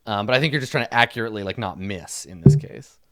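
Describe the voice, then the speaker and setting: A man's voice: lowish voice, expressive, fast, heavy background noise. A man narrating as dungeon master in a loose, rambling casual way. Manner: loose, rambling, filler-heavy. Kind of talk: casual tabletop game narration.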